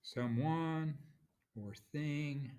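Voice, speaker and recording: A man teaching a lecture on poetry, speaking haltingly with frequent pauses and restarts, sometimes tapping out rhythms aloud. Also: on the high side, mellow, smooth. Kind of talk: classroom lecture.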